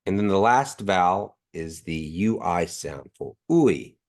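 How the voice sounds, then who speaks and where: A man teaching a language class online, patiently modeling each sound slowly; his voice is nasal from allergies, heard over a video call. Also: deep voice, lively intonation.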